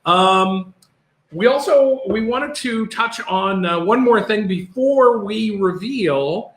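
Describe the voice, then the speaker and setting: A man's voice: high voice, animated, slow, fairly bright tone. A man co-hosting a casual live-streamed chat show, jokey and rambling. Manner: chatty, jokey, rambling asides. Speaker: co-host. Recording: echoey room.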